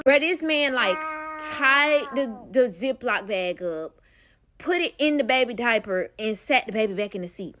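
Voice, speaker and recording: Young woman, storytime vlog, bright slightly high voice, blunt and cussing. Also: animated, normal speed. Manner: candid, profane, calls the listener "baby".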